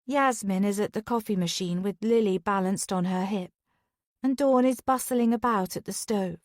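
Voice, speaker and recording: A woman reading a first-person thriller audiobook as whispered role-play, soft and intimate. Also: medium pitch, moderate pace, dry recording, studio quality. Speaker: audiobook narrator.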